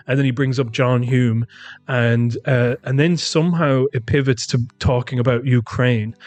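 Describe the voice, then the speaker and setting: A man's voice: medium pitch, darkish tone, no echo. An Irish man co-hosting a podcast in casual chat, retelling events and mimicking the people he quotes. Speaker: podcast co-host.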